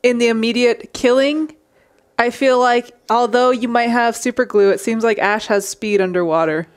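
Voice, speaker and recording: A woman's voice: fairly high pitch, fairly even intonation, moderate pace. Woman giving brief, agreeable remarks. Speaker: panel judge. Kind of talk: casual podcast chat.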